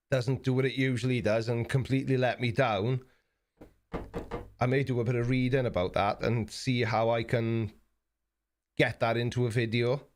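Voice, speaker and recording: A man hosting a casual livestream, talking in a loose, rambling way. He fills pauses with ums and uhs and often pokes fun at himself. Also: medium pitch. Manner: rambling, self-mocking, many fillers. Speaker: livestream host.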